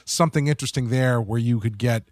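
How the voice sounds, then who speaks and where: A man co-hosting a podcast in casual chat, thinking aloud with halting fillers. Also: mid-range voice, dry recording. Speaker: podcast co-host.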